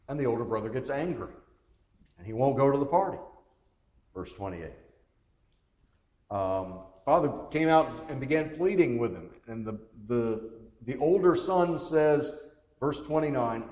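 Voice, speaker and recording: A man's voice: mid-range voice, animated, a little slow, long pauses, darkish tone. Man teaching Bible class, echoey hall. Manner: asks the group questions, reads scripture aloud. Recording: echoey room with long reverb.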